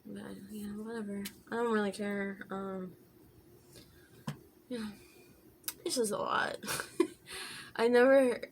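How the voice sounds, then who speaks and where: Casual vlogger woman, gravelly mid voice, rambling storytime over makeup, faint background hiss. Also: medium pitch, steady tone, slow pace, pauses often. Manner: chatty, many fillers and restarts.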